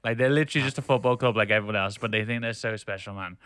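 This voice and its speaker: A man's voice: fairly low pitch, racing, fairly bright tone, a little hiss or hum. A man co-hosting a casual podcast, ranting with strong opinions and laughing easily. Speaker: podcast co-host.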